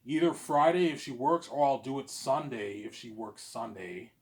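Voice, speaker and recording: A man vlogging in a rambling, repetitive monologue, boastful and swinging between loud bursts and low mumbles. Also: lively intonation, moderate pace. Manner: repetitive, boastful, keeps saying obviously.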